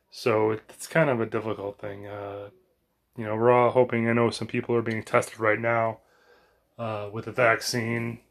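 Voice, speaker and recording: An American man rambling in a casual monologue at home, sweaty from exercise, full of fillers and restarts. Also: mid-range voice. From United States. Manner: chatty, meandering, frequent fillers and restarts. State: sweaty and warmed up after exercise. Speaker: vlogger. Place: home bedroom.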